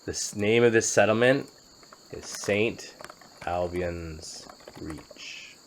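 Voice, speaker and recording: A man's voice: lowish voice, slow, slight background noise, low-quality recording. A man narrating and commenting on his own gameplay in a playful, chatty way with jokey asides. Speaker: game commentator.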